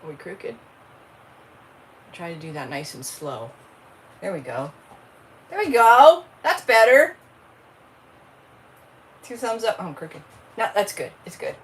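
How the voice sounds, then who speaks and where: A woman chats her way through a crafting livestream in a fairly low voice, rambling from one thought to the next and calling out to viewers by name. Faint room noise sits behind her. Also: expressive, normal speed, pauses often, poor audio. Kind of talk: casual livestream chat.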